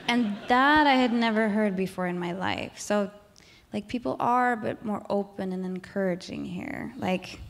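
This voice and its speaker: At normal speed and an everyday pitch, a Swedish woman in her thirties chats openly as a guest singer on a stage in front of a live audience. The casual interview talk rambles and restarts, studded with "like" and frequent laughter.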